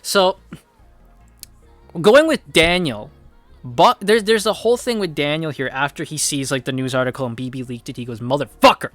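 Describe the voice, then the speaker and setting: A young man casually reviewing a TV episode, rambling excitedly with constant swearing and fillers. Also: fairly high pitch, moderate pace, dry recording, faint music behind.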